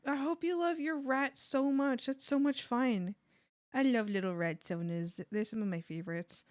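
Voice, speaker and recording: A woman's voice: sits high, steady tone, normal speed, no room sound, clean studio sound. A young adult woman streaming while she draws, chatting casually and gushing, sometimes squealing or whispering. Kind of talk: casual chat while drawing.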